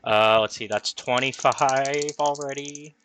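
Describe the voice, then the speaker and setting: A man's voice: medium pitch, slow pace, a bit bright, a little hiss or hum. A man running a tabletop game as dungeon master, thinking aloud over the rules with fillers.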